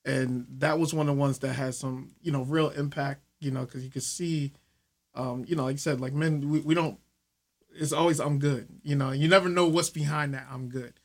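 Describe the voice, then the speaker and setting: A man's voice: a little high, fairly even intonation, normal speed. A man guesting on a radio show, talking casually about his podcast in an earnest, hesitant way, with lots of fillers. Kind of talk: casual interview chat.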